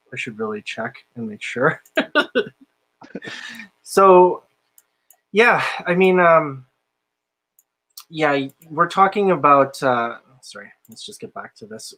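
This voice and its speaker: A man's voice: medium pitch, a bit bright, rough recording. A man hosting a casual podcast about casino games, laid-back and laughing often, with lots of filler words. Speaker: podcast host, casino dealer. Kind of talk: casual chat.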